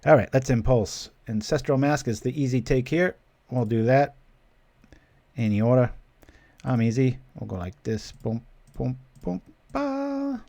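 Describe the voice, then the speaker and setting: A man's voice: mid-range voice, steady tone, normal speed, vocal fry, long pauses, dark tone, dry recording. A man hosting a card-game stream, giving casual live commentary as he plays and thinking aloud in a playful, chatty way.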